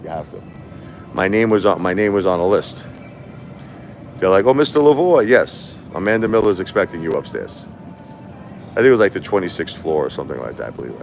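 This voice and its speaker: A man with a deep voice hosts a casual livestream, and there's a slight hiss or hum behind him. He tells a long story in a rambling, repetitive way, livening up whenever he quotes other people.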